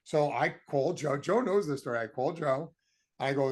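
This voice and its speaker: Animated New man telling a story. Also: fairly high pitch, normal speed, slightly rough. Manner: animated, profane, exasperated storytelling. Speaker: podcast co-host. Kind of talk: casual storytelling.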